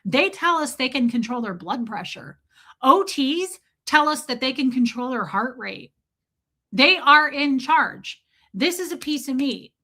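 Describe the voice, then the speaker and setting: A woman's voice: high voice, animated, measured pace, pushed and bright. A woman hosting a casual livestream, telling a story in a blunt, profane way and greeting viewers by name as she goes. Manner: blunt, profane, reads viewer names aloud mid-story. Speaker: livestream host. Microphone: streaming setup mic.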